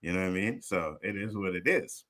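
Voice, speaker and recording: A man hosts a casual online panel talk, greeting viewers and joking with his co-hosts. His voice sits a bit low but rings bright. He swears freely and laughs between lines. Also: fairly quick. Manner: loose, laughing, cursing, talks to viewers. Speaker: show host.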